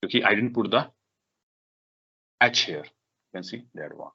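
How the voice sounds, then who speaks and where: A man leading a live software tutorial for a workshop, talking in halting bursts with many fillers, restarts and repeated "okay"s. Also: on the low side, animated, slightly rough. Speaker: workshop instructor. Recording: dull lo-fi recording.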